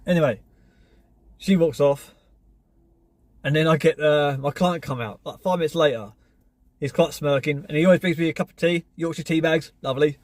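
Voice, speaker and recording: A man's voice: a little high, brisk, long pauses, no room sound. A man, a gardener, telling a story in a casual, blunt, self-assured way.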